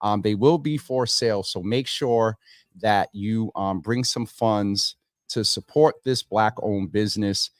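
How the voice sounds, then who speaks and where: A man's voice: lowish voice, unhurried, no room sound, studio quality. Chatty man hosting a livestream. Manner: chatty, greets viewers by name. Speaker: livestream host. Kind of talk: casual livestream chat.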